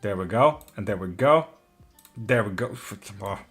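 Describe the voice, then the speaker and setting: A man's voice: fairly low pitch, lively intonation, moderate pace, a bit bright, husky, faint music behind. A man hosting a live tarot stream, chatting loosely with viewers, swearing freely and getting openly emotional and affectionate. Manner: loose and profane, swears freely, laughs often. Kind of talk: casual live-stream chat, reading out viewer comments.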